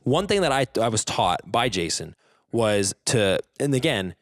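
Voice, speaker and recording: A man's voice: lowish voice, very animated, a little slow, dry recording, studio quality. A man speaking as a guest on a casual podcast, telling stories and mimicking the people he quotes. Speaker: guest, jiu-jitsu competitor.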